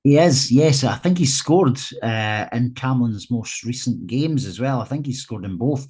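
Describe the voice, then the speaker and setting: A man's voice: mid-range voice, expressive, a little slow, darkish tone, slightly rough. A Scottish man co-hosting a casual football podcast, telling anecdotes in an easygoing way. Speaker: podcast co-host.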